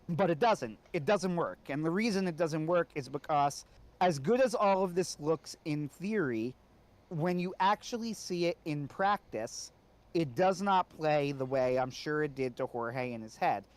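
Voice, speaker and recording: A man's voice: a little high, unhurried. A man co-hosting a casual podcast discussion, talking conversationally and often checking in with "right?". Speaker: co-host.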